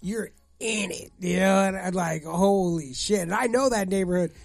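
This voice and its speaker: Young la guy cussing thru a story, gravelly voice, kinda high, does the voices. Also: normal speed, dry recording. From Gardena, Los Angeles area. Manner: profane, animated storyteller, acts out voices. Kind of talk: casual chat, storytelling.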